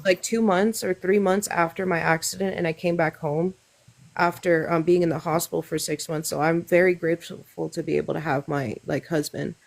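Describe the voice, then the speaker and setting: A young woman with a fairly low voice talks openly as a guest on a live talk show. She is earnest and candid. She often stops to restart or fill a gap before going on. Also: steady tone, moderate pace, creaky. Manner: earnest, frank, with frequent fillers and restarts. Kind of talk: candid casual chat.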